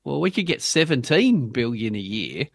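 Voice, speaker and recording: A man with an Australian accent, speaking as an interview guest in an animated, emphatic way and building his point with punchy rhetorical lines. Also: medium pitch, normal speed, gravelly, no echo, clean studio sound. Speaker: guest policy advocate. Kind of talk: interview, arguing for a policy.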